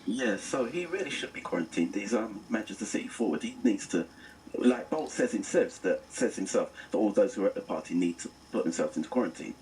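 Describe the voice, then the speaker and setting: Middle-aged male guest, low voice with lively swings, earnest storyteller, a bit off-mic with faint hiss. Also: brisk, recorded from a distance, poor audio. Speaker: radio guest reviewing papers. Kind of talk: casual radio chat.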